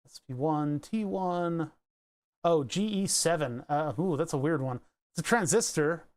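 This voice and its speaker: A man's voice: fairly high pitch, a little slow. A man streaming live and chatting casually, reading excerpts aloud and musing over them, with the odd swear. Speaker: livestreamer.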